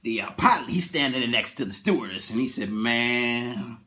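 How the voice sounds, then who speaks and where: A man casually retelling a TV episode, animated, acting out scenes and laughing. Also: medium pitch, fast talker.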